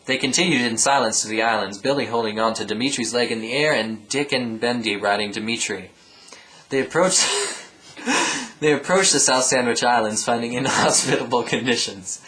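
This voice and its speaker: A man reading a comic storybook aloud with deadpan ad-libbed asides. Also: medium pitch, moderate pace, rough recording. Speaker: reader.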